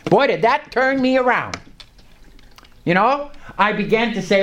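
An older lay preacher shares a personal faith testimony with a small group, his voice neither notably high nor low. The pitch swings widely from low and hushed to high and excited, with animated, acted-out prayers and soft chuckles. He speaks at a measured pace with long pauses.

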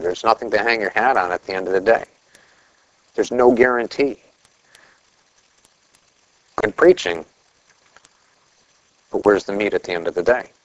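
A man's voice: fairly low pitch, fairly bright tone, lo-fi sound. A middle-aged man preaching a conversational sermon, asking rhetorical questions and telling anecdotes. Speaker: pastor.

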